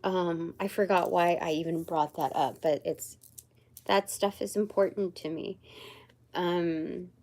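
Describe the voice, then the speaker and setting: A woman giving a livestreamed tarot reading in a slow, meandering way, pausing often and searching aloud for words. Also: fairly low pitch, steady tone, a little mellow. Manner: slow and meandering, many pauses and fillers. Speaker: tarot reader and channeler. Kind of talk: livestreamed spiritual card reading.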